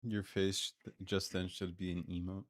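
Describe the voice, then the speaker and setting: A man's voice: low voice, level tone, moderate pace, no room sound, clean studio sound. A man streaming live, reacting to a clip with exasperated, mocking, profane commentary.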